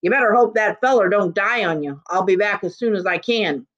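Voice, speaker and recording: A woman voicing a gruff, blustering male rural constable who speaks in folksy, ungrammatical talk. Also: medium pitch, a little fast, fairly bright tone, muffled recording, lightly acted.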